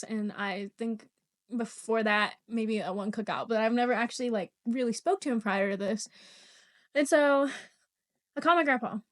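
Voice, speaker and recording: A young woman hosting a podcast, telling a personal story in casual chat, animated and swearing freely, often laughing mid-sentence. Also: a little high. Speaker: podcast host.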